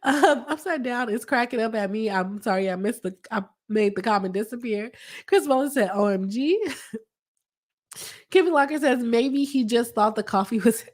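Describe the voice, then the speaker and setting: A woman's voice: fairly high pitch, moderate pace, darkish tone. Chatty laughing woman with a cold. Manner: laughs often, talks in a chatty way with y'all. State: sick with a cold, coughing. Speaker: lawyer hosting a live stream. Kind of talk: casual live-stream chat reading comments.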